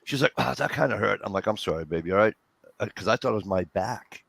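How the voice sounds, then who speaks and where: A man casually telling a story among friends, profane and animated, acting out what everyone said. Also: fairly low pitch, fast, creaky, no room sound. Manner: profane, animated storyteller who acts out quotes. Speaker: host.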